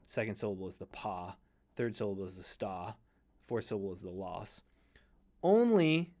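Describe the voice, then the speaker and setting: A man's voice: lowish voice, darkish tone. A man teaching a Greek lesson in a conversational way, often correcting himself mid-sentence and using fillers. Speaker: seminary Greek instructor. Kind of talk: recorded lecture.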